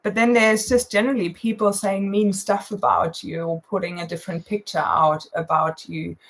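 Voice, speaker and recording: Gravelly low-voiced woman. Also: steady tone, normal speed. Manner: thoughtful, hesitant, self-described sarcastic. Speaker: guest. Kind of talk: casual chat.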